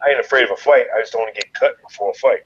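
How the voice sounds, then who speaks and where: A man from Chicago telling a wild story in an interview, profane and animated, leaping into loud quoted voices. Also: medium pitch, very fast, husky, highs cut off. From Chicago, USA. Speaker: guest, fighter.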